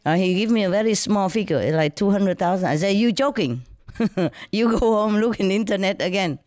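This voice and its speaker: Animated woman telling a story. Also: medium pitch, a little fast, no echo. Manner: non-native broken English, animated, laughs often. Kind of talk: casual storytelling.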